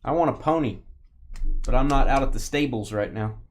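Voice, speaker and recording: A man's voice: mid-range voice, brisk, a little hiss or hum. A man hosting a live card-opening stream, joking and bantering casually with the people in the room and the chat. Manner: playful, joking banter with lively swings.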